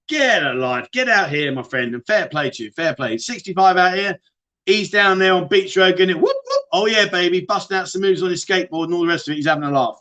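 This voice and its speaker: Chatty high-voiced British man, livestream host. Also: a bit bright, muffled recording. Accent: British English. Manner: chatty, matey, addresses viewers as mate. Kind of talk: casual livestream chat reading viewer questions.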